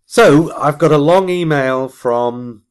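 A man hosting a podcast in casual chat, animated and jokey, reading out a listener's email. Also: on the high side, takes it slowly, clear, resonant tone. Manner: animated, jokey, laughs often. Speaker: podcast host.

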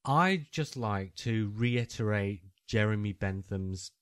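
Low-voiced English podcast host. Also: male voice, expressive, takes it slowly, fairly bright tone, smooth, dry recording, clean studio sound. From England. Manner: reads emails aloud with put-on character voices. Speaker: podcast host reading listener email. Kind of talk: casual podcast chat.

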